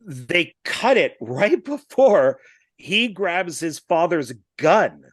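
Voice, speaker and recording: A man co-hosting a podcast, retelling movie scenes in a casual, animated way, quoting the characters' lines as he goes. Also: high voice, slow pace, no room sound, clean studio sound. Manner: animated storyteller who retells scenes with quoted lines and small laughs. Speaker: podcast co-host. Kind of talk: casual film chat.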